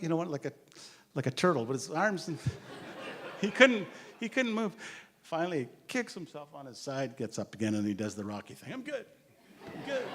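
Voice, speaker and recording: A man tells stories in a lively, animated way, jumping into the voices of the people he describes. His pitch swoops widely between phrases. A long hall reverb trails after every line. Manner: animated, acts out quotes, laughs often. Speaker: storyteller sharing memories. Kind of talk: anecdotal storytelling.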